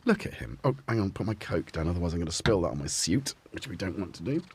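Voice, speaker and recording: A man's voice: low voice, big pitch swings, fast, a little hiss or hum. A man hosting a casual live stream from his home music studio, rambling and chatting to his cats as he goes. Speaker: livestream host.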